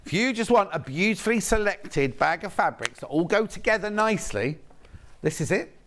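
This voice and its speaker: Live in a TV studio, a shopping-channel presenter with a high, expressive, slightly bright voice talks at a moderate pace over a faint hiss or hum. He chats through a sales demonstration, pointing out each fabric and reading viewer messages aloud.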